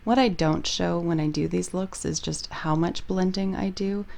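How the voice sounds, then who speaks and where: Low, gravelly-voiced woman explaining makeup. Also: moderate pace. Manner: relaxed, chatty, explains step by step. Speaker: beauty vlogger. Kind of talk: casual voice-over for a makeup tutorial.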